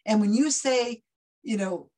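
Animated husky-voiced woman. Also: on the high side, measured pace. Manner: animated, acts out quoted voices mid-story. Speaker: guest skeptic of psychics. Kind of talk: conversational interview.

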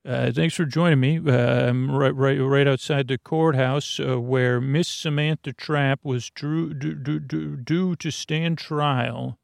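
A man voicing a bumbling male field reporter who rushes a live report and keeps getting flustered. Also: mid-range voice, steady tone, creaky, dry recording, studio quality. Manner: rushed, flustered newsreader delivery.

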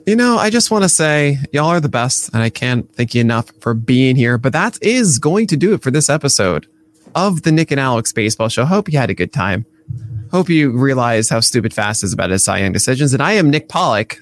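A man's voice: medium pitch, sing-song, brisk. A man co-hosting a casual baseball podcast, playful and teasing, rambling through his picks. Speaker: podcast co-host.

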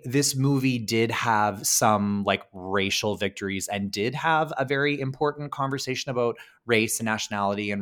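A fairly low-voiced man talking on a podcast, chatty and loose. He fills his sentences with "like" and "um" and drops the occasional curse, in a relaxed, unscripted conversation about movies. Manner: chatty, heavy on "like" and "um", casual swearing. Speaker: podcast co-host. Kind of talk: casual film discussion.

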